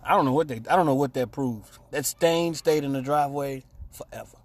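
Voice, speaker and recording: A man's voice: mid-range voice, brisk. A man on a radio talk show telling a rambling, profane story and acting out the quotes. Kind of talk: casual storytelling chat.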